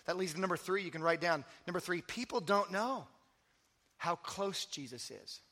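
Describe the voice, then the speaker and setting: A man preaching a sermon as pastor, telling stories with energy and then dropping to soft, intimate emphasis. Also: high voice, expressive, moderate pace. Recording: long hall reverb.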